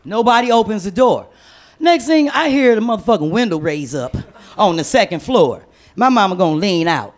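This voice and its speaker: A woman doing stand-up, telling a profane family story with animated, laughing delivery. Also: mid-range voice, fairly quick. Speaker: stand-up comedian.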